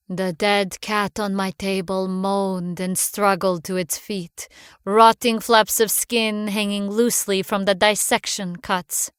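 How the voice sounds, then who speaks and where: A woman reading a first-person horror story aloud in a measured, hushed manner. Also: medium pitch, fairly even intonation, smooth, no room sound, clean studio sound. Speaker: narrator. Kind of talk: scripted horror narration.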